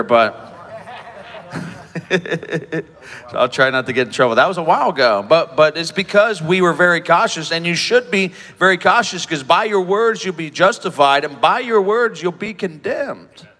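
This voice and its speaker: A man speaks from a stage in a hall with a long, lingering reverb. His voice is bright and sits a little high, and his delivery is halting and emotional, full of repeated words and restarts. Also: animated. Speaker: preacher speaking at a conference. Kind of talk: emotional personal testimony from a stage.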